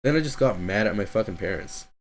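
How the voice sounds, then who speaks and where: A man's voice: on the low side, animated, fast, a little hiss or hum. Frustrated teenage boy venting, swearing constantly. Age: teens. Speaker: streamer. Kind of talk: venting monologue.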